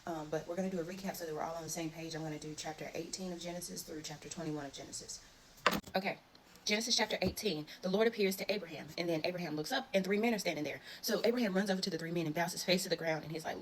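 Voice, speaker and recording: A woman's voice: on the low side, quick pace, a little hiss or hum. A woman giving a casual, chatty recap of Bible chapters in everyday language. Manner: chatty, retells scripture in everyday speech. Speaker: Bible reading vlogger.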